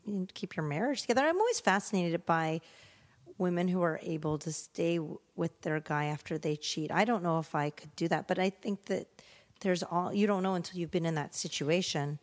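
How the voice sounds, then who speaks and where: A woman co-hosting a podcast in casual chat, teasing and quick to laugh. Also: lowish voice. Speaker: podcast co-host.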